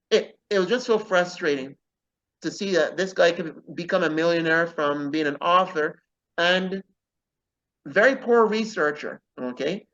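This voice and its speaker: A man's voice: fairly high pitch, fairly bright tone, lo-fi sound. Earnest man saying "okay?" a lot. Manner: earnest, keeps adding "okay?" as a tag. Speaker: author guest. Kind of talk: casual interview talk.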